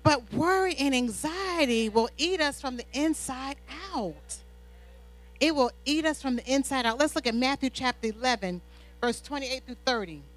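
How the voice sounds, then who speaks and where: A woman preaching a sermon with animated personal stories, often asking the congregation "Amen?". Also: high voice, normal speed, soft background music, rough recording. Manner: animated storytelling, call-and-response "Amen?". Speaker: pastor's wife preaching.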